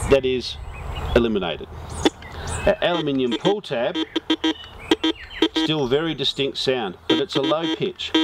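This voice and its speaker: A man walks through a metal detector demonstration in a steady, explanatory way, his pitch sitting in an ordinary middle range. A clear layer of background noise and clicking detector beeps runs under his voice throughout. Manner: steady, explanatory, talks while sweeping over targets. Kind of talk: instructional product demonstration.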